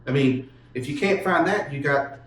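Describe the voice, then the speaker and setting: A man, earnestly telling a personal story with halting restarts. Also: a little high, a bit bright, a little hiss or hum. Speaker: podcast guest telling his testimony. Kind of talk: casual storytelling. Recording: echoey room, mic far off.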